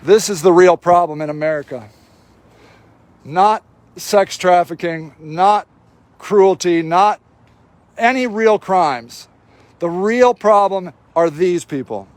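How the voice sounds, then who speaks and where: Very high-voiced indignant man. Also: slow pace, long pauses, dry recording. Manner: indignant, sarcastic, swears freely. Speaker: activist filming a livestream. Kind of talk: live running commentary. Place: outdoor homeless camp in snowy cold.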